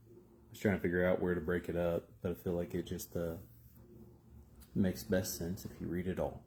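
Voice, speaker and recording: Low, dark-voiced preacher. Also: male voice. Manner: conversational, with fillers and restarts. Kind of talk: short devotional Bible reading and reflection.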